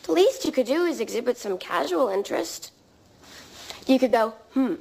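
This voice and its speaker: A woman's voice: on the high side, expressive, normal speed, creaky, darkish tone. An actress playing a sassy, scared sixteen-year-old girl who fights monsters, in a TV drama. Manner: sassy, whiny complaining. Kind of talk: TV drama acting.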